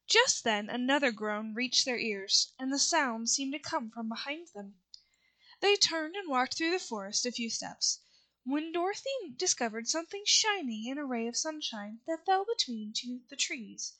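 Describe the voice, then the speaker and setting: A woman reads a children's novel aloud in a steady, unhurried way, stumbling on a word now and then. Her voice sits high and sounds bright and clear. It has the easy tone of reading chapters to listeners. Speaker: reader.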